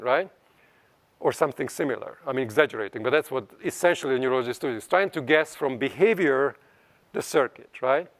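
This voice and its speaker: A man giving a scientific seminar lecture in an animated way, often checking in with tag questions. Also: a little high. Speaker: seminar speaker.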